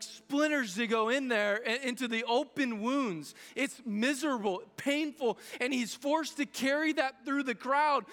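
A man's voice: extremely high pitch, a bit bright. A man in his thirties preaching a sermon as pastor, earnest and building in intensity, with frequent restarts. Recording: long reverb of a large hall.

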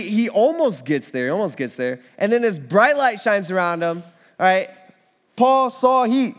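A man preaching a casual, animated sermon in an everyday, conversational tone. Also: high-pitched. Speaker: pastor.

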